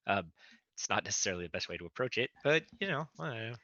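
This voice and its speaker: Low bright-toned guy rambling about his game, lots of ums, kinda muffled dry audio. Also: very fast, dry recording. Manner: rambling, self-deprecating, filler-heavy. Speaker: tabletop game player, panelist. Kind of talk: casual panel chat.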